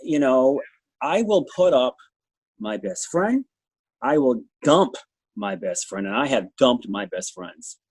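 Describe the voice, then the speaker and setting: A man's voice: mid-range voice, lively intonation, slightly rough, no room sound. A middle-aged man with a New England accent, a dog show judge answering interview questions in a blunt, rambling way. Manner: blunt, talks fast in bursts, trails off. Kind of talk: interview answer, candid anecdotes.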